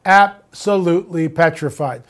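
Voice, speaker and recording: A man's voice: a little high, unhurried, a bit bright. A man hosting his own show, talking animatedly and telling a witness's story with mocking asides. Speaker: show host. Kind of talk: commentary monologue.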